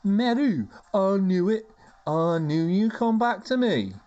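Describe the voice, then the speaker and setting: A lovesick young elf man from a role-playing game, put on by a man, pleading in an exaggerated Scouse lilt. His voice sits higher than a normal male voice and swoops up and down with emphasis. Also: sing-song, slow pace, darkish tone, dull audio, soft background music, exaggerated voice. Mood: eager.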